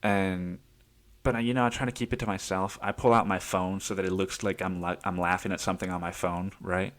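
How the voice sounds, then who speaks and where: A podcast host tells a story the loose way, with lots of laughter and plenty of swearing. His voice sits very low for a man. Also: level tone, a little fast, fairly bright tone. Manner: rambling, laughs often, swears freely. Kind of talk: casual storytelling monologue.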